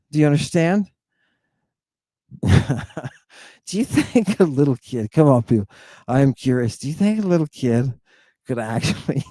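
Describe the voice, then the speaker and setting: Slow, emphatic man lecturing his viewers. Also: mid-range voice, mellow, no echo. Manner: emphatic, repeats "right?" and "do you understand?"; halting restarts with drawn-out fillers. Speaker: host.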